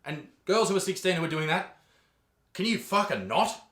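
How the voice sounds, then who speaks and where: A man with an Australian accent ranting crudely and excitably as a comedian host reacting to clips, swearing often. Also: sits high, moderate pace, reverberant.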